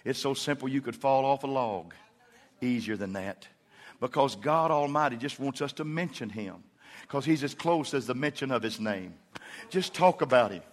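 A middle-aged man preaching a sermon, with folksy storytelling that swells into loud, emphatic preaching. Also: medium pitch, normal speed. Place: church sanctuary.

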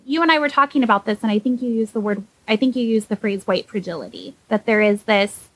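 A young adult woman on a podcast, giving animated, sarcastic commentary with sudden leaps in pitch when she mocks something. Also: quick pace, poor audio. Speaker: podcast co-host.

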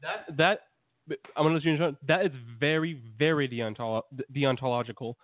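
A man's voice: fairly high pitch, fairly even intonation, brisk, dry recording. A male podcast host asking questions hesitantly, with academic terms. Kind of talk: casual discussion. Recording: tinny phone-like call audio, dry.

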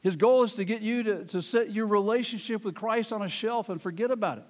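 Southern American preacher, earnest and dramatic, fairly high voice, echoing sanctuary. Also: male voice, fairly quick. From Southern United States. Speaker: pastor. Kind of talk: sermon.

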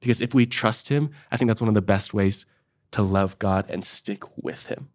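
A man's voice: fairly low pitch, normal speed, darkish tone. A young man co-hosting a casual faith podcast, talking in a reflective, earnest way. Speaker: podcast co-host.

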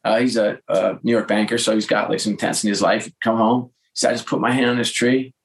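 A middle-aged man, a podcast guest, telling candid, animated stories in conversation. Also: fairly low pitch, brisk. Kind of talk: storytelling in conversation.

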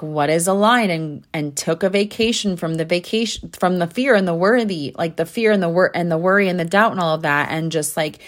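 A young adult woman hosting her own podcast, talking earnestly and from the heart, with lots of "like" fillers. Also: low voice. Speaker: podcast host and spiritual coach. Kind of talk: casual podcast monologue.

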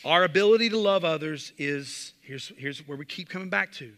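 A man's voice: on the high side, animated, normal speed, a bit bright. A male pastor preaching a sermon, emphatic and full of rhetorical questions, in a church sanctuary. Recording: long reverb of a large hall.

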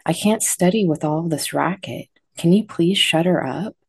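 A woman's voice: on the low side, normal speed, husky, no room sound. A woman voicing a young girl who pleads and whines to her mother. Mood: resentful. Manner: pleading, whiny. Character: young girl, guilty and resentful.

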